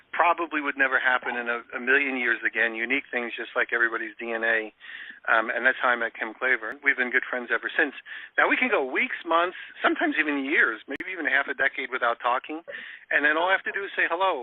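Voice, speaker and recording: A man who hosts a radio show tells a story in a loose, rambling way, full of fillers and restarts. His voice comes through thin and tinny, like a phone line. The sound is close and dry, with no room echo. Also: medium pitch. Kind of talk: casual storytelling on live radio.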